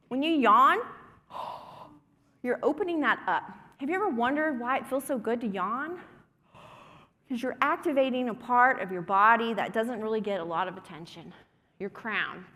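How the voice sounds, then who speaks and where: A workshop presenter with a fairly high, bright, pushed voice leads a breathing and humming session in a conference breakout room. She encourages the group throughout, and the recording carries a long hall reverb.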